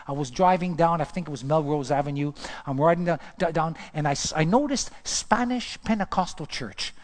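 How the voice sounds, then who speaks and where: Lively testimony-telling male preacher. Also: fairly high pitch. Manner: storytelling, animated, asks the audience questions, repeats himself. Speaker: pastor. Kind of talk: testimony sermon.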